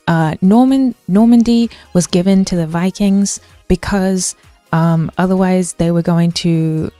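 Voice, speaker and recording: Young woman streamer rambling about language to chat, slow and mellow, lots of ums, dry close sound. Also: on the low side, no room sound. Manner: rambling, many fillers and restarts, answers chat. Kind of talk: casual linguistics rant to chat.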